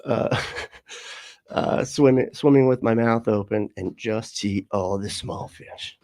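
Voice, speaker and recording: A man's voice: on the low side, slow pace, darkish tone, no echo, clean studio sound. A man hosting a casual livestream, talking loosely and mockingly, often laughing and swearing as he reacts to clips. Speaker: livestream host.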